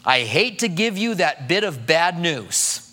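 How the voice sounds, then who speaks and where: A man's voice: on the high side, very animated, unhurried, pushed and bright. A middle-aged man preaching a sermon in a conversational way, acting out the voices of the people he quotes. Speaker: pastor.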